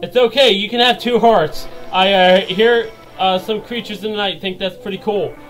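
A man giving jokey let's play commentary, excitable and yelping and laughing as things go wrong. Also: high voice, moderate pace, faint music behind, low-quality recording. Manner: excitable, yelps and laughs at mishaps. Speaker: gaming video creator.

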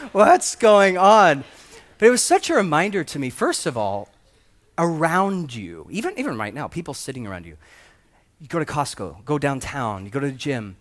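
A man preaching a sermon as pastor, telling stories conversationally, dropping to soft hushed passages and rising to energetic bursts. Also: a little high.

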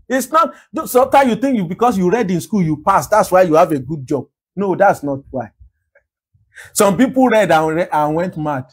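A man's voice: fairly high pitch, darkish tone, breathy edge, poor audio. A man with a Nigerian English accent preaching a sermon as pastor, repeating phrases and firing rhetorical questions. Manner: emphatic rhetorical questions, repetition.

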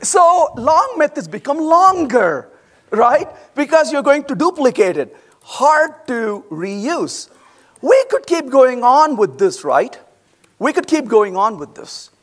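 Man, high voice, very lively pitch, conference talk, animated, acts out quotes. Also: slow. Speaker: conference speaker. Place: large conference hall.

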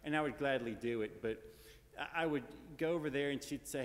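A grandson giving a casual, anecdotal funeral eulogy in a large church, full of fillers and tag questions. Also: male voice, mid-range voice, a little fast. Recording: long church reverb.

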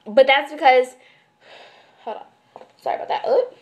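A high-pitched woman from Houston, venting to the camera in a sassy vlog rant. She hammers her points home and repeats herself for emphasis. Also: expressive, measured pace, pauses often. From Houston, Texas. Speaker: vlogger. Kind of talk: ranting vlog.

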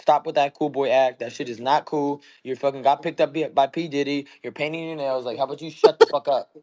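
A man's voice: mid-range voice, steady tone, a little fast, a little mellow. A young man in his twenties, a boxer talking bluntly and heatedly in casual chat, swearing constantly. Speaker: boxer guest.

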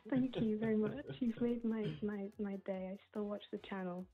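A woman's voice: mid-range voice, steady tone, normal speed. Flustered female fan on the phone, tinny phone line. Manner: giggly, flustered. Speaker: caller, fan.

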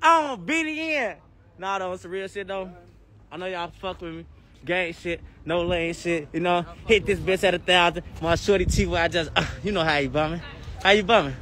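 A man's voice: high voice, steady tone, a little fast, a bit bright. A young man hosting a phone livestream outdoors on a city block, using hyped, profane street slang to push his viewer count up. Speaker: livestream host. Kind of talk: casual livestream chat.

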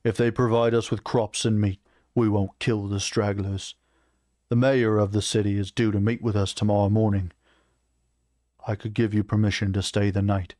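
A man voicing a proud, weary male orc chieftain who speaks slowly and firmly in a fantasy reading. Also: on the low side, flat delivery, dark tone, no room sound, clean studio sound, close to an everyday voice. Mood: composed.

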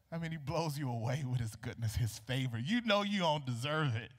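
A man preaching a sermon in a church, animated and colloquial, acting out the dialogue of the people in his story. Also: medium pitch, brisk, hardly any pauses. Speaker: pastor. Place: church sanctuary. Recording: long reverb of a large hall.

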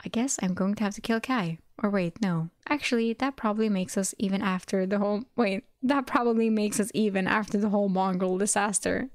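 A woman voicing an exasperated young man muttering about getting even with a friend. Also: medium pitch, fairly quick, few pauses, dry recording, studio quality, natural voice. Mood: grumbling.

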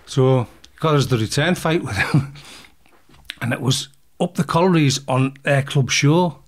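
A man's voice: medium pitch, unhurried. A man, telling a story as an interview guest in blunt, casual talk, swearing freely and acting out the punches. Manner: blunt, swears freely, acts out fight scenes.

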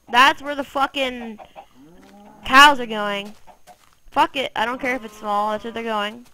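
A woman giving casual let's-play commentary, foul-mouthed and easily frustrated, cursing at the game and yelling at its animals. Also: a little high, steady tone, a little slow, long pauses, rough recording. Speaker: gameplay commentator.

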